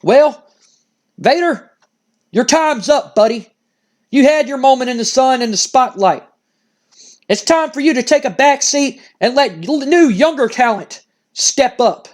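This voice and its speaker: A man voicing a smug, loudmouthed male wrestling manager cutting a brash, taunting promo. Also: extremely high pitch, animated, unhurried, pauses often, voice pushed up. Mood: gloating.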